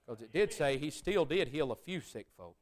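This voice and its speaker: A preacher delivering a sermon, swinging between loud exclamations and hushed prayer-like speech. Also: male voice, medium pitch, lively intonation, normal speed.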